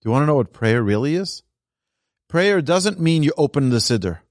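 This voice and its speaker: A man's voice: a little high, normal speed, dry recording, studio quality. A man teaching a religious class as a rabbi, telling stories and acting out the people in them. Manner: animated storyteller who acts out quoted voices. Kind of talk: storytelling Torah lesson.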